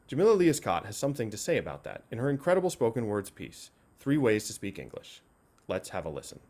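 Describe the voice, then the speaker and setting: A man giving an academic conference presentation in a measured, explanatory way. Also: lowish voice, sing-song, a little mellow.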